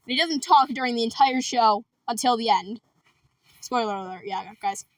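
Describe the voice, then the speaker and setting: Fast-rambling, jokey young woman. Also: fairly high pitch, no room sound, recorded from a distance. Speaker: vlogger recapping her school musical. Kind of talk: casual chat.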